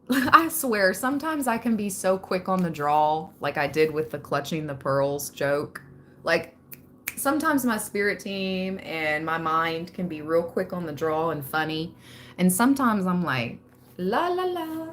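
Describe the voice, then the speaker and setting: A woman's voice: on the low side, lively intonation, measured pace, fairly bright tone. A woman hosting a live spiritual reading, chatty and laughing often as she talks straight to her viewers. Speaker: tarot reader hosting a livestream.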